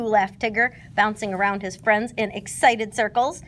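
A woman reading a children's storybook aloud, expressive in her narration. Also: mid-range voice, moderate pace, hardly any pauses, a little hiss or hum.

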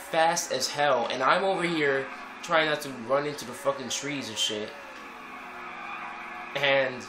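A young man giving casual, profane gameplay commentary, swearing and rambling as he plays. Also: mid-range voice. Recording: echoey room with game music behind.

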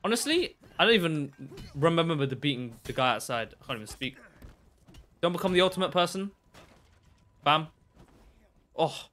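A young man giving chatty live commentary while playing a game, excitable and bursting into shouts. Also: fairly high pitch, moderate pace, long pauses. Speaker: live streamer.

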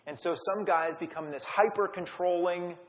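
Man teaching a Bible study, casual storyteller, slightly high voice, long hall reverb. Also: fairly even intonation, moderate pace. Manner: storytelling, acts out quotes.

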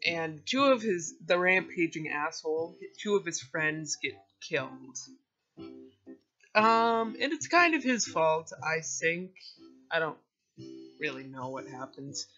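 Rambling male vlogger with a bright, sharp voice and a slow, unhurried delivery, on a dull lo-fi recording. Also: a little high. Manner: hesitant, rambling, self-deprecating, with many fillers and restarts. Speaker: video creator summarizing a book. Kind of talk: casual rambling summary.

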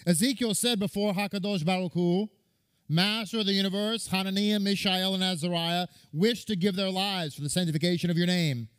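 Man preaching a midrash, slightly high voice. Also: brisk, fairly bright tone, smooth. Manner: reads and quotes scripture, repeats words for stress. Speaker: rabbi. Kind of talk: sermon retelling a midrash.

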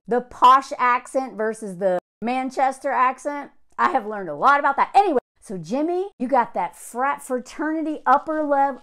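A woman's voice: on the high side, a bit bright. A young woman from the American South giving a blunt, sarcastic rant as a video creator. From Southern United States. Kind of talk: ranting commentary.

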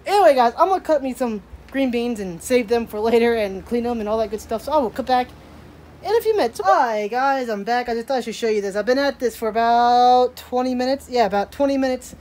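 A woman's voice: fairly high pitch, lively intonation, a little fast, a little mellow. A young woman vlogging at her rural home, chatting in a rambling way and talking to her pets. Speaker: daily vlogger. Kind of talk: casual vlog chat.

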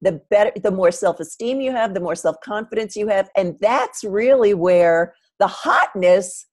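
A woman hosting a podcast interview, often agreeing with her guest through soft "mm-hmm"s and an eager "absolutely." She thinks aloud at an even, everyday pitch. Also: moderate pace. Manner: warmly affirming, with frequent "mm-hmm" and "absolutely". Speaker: podcast host.

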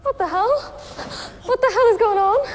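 A furious, high-voiced captive. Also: female voice, animated, fairly quick, a bit bright, slight background noise. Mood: angry. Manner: snappy, indignant. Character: angry, fed-up female contestant trapped in a room. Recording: echoey, long reverb.

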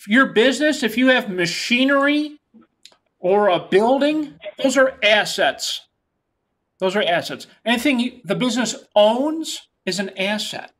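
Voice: mid-range voice, a bit bright. Lecturer with a New York accent. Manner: repeats key terms, plain explanatory delivery. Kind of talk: classroom lecture.

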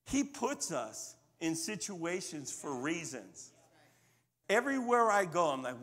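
A man's voice: fairly high pitch, very animated, measured pace, a bit bright. A man giving a conversational sermon in a casual, folksy style, with call-and-response asides, then closing with a prayer. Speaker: lay preacher.

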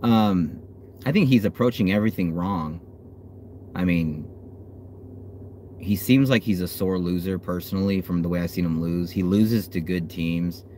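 A man hosting a fan livestream, chatting casually and cursing, swinging from low muttering to loud hype. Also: a little slow, slight background noise. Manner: hyped, profane, swings from low mutter to yelling. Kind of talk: casual live stream chat. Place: outdoors.

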